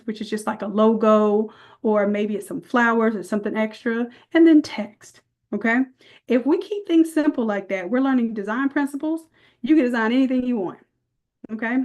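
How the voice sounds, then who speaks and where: Chatty woman teaching design. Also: fairly high pitch. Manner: chatty, folksy, addresses viewers as y'all. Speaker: design instructor. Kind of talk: live online design class.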